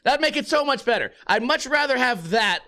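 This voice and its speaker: High, bright-voiced rambling man. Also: lively intonation, fairly quick. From United States. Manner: rambling, profane, jokey storytelling. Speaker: podcast host. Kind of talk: casual podcast monologue.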